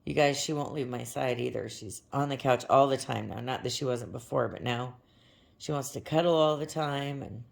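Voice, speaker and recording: A woman's voice: a bass voice, moderate pace. Crackly-voiced woman chatting to camera. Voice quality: gravelly. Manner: chatty and rambling, with fillers. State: crackly, hoarse voice. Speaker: vlogger. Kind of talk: casual chat to camera. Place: at home on a couch.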